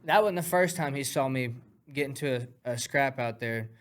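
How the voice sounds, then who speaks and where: A man recounting a fight on a podcast, voice in a middle register. He talks in an excitable, profane rush and punctuates the action with punchy sound words. He sounds casual and unfiltered. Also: medium pitch, moderate pace. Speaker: guest fighter. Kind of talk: animated storytelling.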